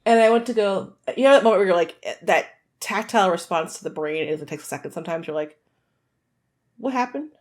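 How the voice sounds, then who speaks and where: A woman's voice: medium pitch, quick pace. A woman co-hosting a casual podcast, telling stories animatedly with frequent laughter and casual swearing. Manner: animated storyteller, laughs often, swears freely. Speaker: podcast co-host. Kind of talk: casual chat.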